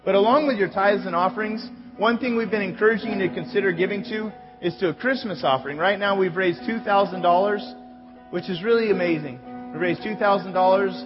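A man's voice: high voice, brisk. A male pastor giving church announcements in a conversational way, stopping now and then to correct himself. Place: church sanctuary. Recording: echoey hall, dull sound, music behind.

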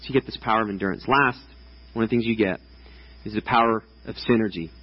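Casual preacher in his thirties, chatty and loose, slightly raspy voice, dull lo-fi sound. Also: lowish voice, fast talker. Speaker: pastor. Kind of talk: sermon. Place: church stage before a congregation.

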